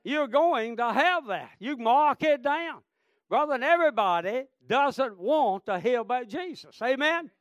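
A male preacher with a very high voice, delivering a fiery sermon. He repeats his points and keeps calling out to the congregation. The sound is close and dry. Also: animated, measured pace, a bit bright, no room sound. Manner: fervent, repetitive, calls out "Amen?" and "friend".

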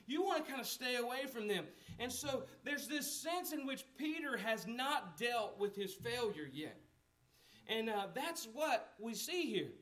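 A high-voiced man preaches in a relaxed, conversational way. He asks the listeners questions and acts out the lines of the people in the story. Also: measured pace. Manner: conversational preaching with rhetorical questions, acting out quotes. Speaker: pastor. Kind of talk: sermon.

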